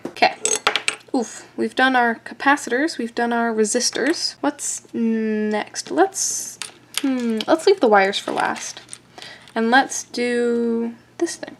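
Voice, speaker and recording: Playful woman with a gravelly, slightly high voice. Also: takes it slowly, a little hiss or hum. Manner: playful and self-joking, often laughing; often drops to a soft whisper while working. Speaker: amateur radio hobbyist building a kit. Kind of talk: casual hands-on build vlog narration.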